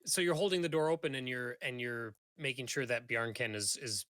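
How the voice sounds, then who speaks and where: A man running a tabletop game as game master, narrating in a halting way with fillers and chuckles. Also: mid-range voice, a bit bright, no room sound, clean studio sound. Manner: halting, with fillers and chuckles while describing scenes.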